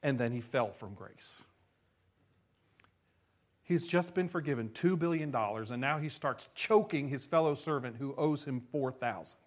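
A man's voice: mid-range voice, normal speed. A male pastor reading scripture and preaching in a conversational way with rhetorical asides. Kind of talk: sermon.

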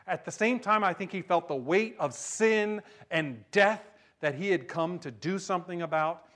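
A male pastor preaching a sermon, shifting between hushed emphasis and loud, excited storytelling. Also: sits high, moderate pace, few pauses.

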